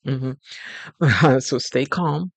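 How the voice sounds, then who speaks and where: With a very slow, creaky, mid-range voice and no room sound, a man gives chatty, colloquial relationship advice on a casual talk show. He acts out little scenes by voicing the quoted characters.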